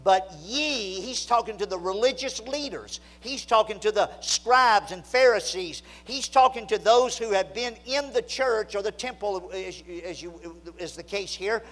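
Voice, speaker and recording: A man preaching a sermon, telling a story that swings from loud excitement to low, hushed emphasis. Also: normal speed, hardly any pauses, poor audio.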